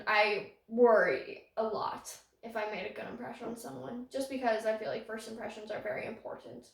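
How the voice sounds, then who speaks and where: A woman's voice: a little high, a bit bright, distant mic. A young woman hosting a podcast, rambling through a casual story, self-conscious and often laughing. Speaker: podcast host. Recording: roomy echo, voice off-mic.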